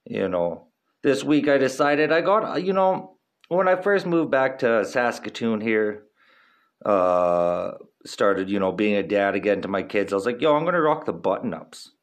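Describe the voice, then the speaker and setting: A man's voice: fairly low pitch, animated, a little slow. A man in his thirties hosting a podcast, rambling casually in a laid-back, profane, slangy way with frequent laughs. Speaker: podcast host.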